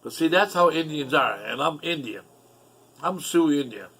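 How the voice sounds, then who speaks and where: A man's voice: on the high side, expressive, moderate pace, fairly bright tone, slightly rough. A middle-aged man telling a rambling personal story in a casual, profane, aggrieved way.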